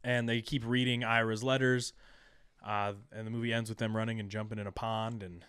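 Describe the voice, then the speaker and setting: A man on a movie podcast, walking through the plot scene by scene and voicing the characters' lines as he goes. His voice is smooth and resonant. The sound is close and dry, with no room around it. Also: lowish voice, little pitch movement, brisk, a bit bright, no echo. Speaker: podcast co-host. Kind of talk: casual movie recap chat.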